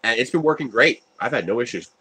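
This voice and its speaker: A man's voice: mid-range voice, expressive, fast, sharp tone, breathy edge. A man hosting a casual livestream while building a 3D printer, telling stories, laughing often and answering viewer chat. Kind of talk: casual live-stream chat.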